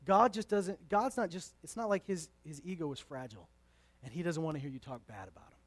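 A male pastor preaching a sermon, emphatic and conversational, moving from loud declarations to hushed asides with playful remarks. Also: on the high side, expressive, brisk.

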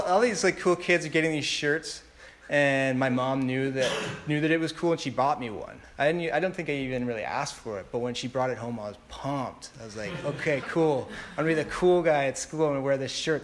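A tearful man in his thirties shares a personal testimony, rambling with lots of fillers and restarts. His voice is medium-pitched and fairly bright, with a slight hiss or hum in the recording.

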